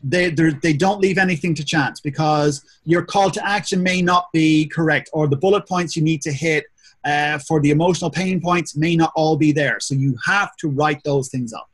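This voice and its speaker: Male guest, slightly higher husky voice, blunt and matter-of-fact. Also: moderate pace. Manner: blunt, plain-spoken. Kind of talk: casual advice chat.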